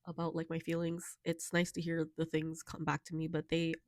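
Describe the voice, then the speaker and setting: Low-pitched gravelly young woman, tearful. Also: completely flat delivery, no echo, studio quality. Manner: soft, emotional, halting with many fillers. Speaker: vlogger. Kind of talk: personal confessional vlog.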